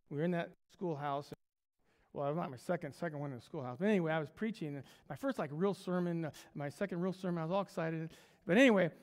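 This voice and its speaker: Animated high-voiced pastor in echoey church. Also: male voice. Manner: animated storyteller, voicing characters with many restarts. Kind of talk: sermon with a storytelling anecdote. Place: small church sanctuary. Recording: long reverb of a church sanctuary.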